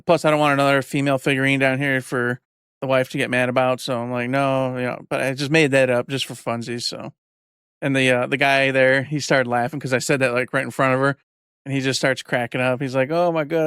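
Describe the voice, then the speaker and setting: A man's voice: mid-range voice, flat delivery, brisk, fairly bright tone, clean tone, dry recording, studio quality. A man in his forties telling a rambling story in casual podcast chat, acting out what people said. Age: 40s. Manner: rambling storyteller, acts out quotes. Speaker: podcast co-host.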